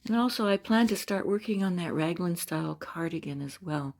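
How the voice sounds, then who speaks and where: A woman from Canada talking casually as a crochet vlogger, gushing and excitable as she opens mail. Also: lowish voice, brisk. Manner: gushing, excitable, frequent squeals and laughs. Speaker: crochet YouTuber. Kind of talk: casual unboxing vlog.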